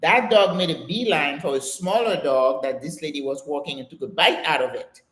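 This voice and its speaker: A woman's voice: deep voice, moderate pace. Chatty older woman in an echoey room. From United States. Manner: chatty, animated storytelling with exclamations and laughter. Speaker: host of a live Q&A stream. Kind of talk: casual live-stream chat answering viewer comments.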